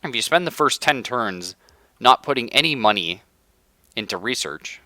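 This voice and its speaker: A young man live-streaming a strategy game, hoarse from being sick, ranting in casual chat and laughing often. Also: mid-range voice, expressive, moderate pace, bright, forceful tone, dry recording, studio quality. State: hoarse from illness. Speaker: livestreamer.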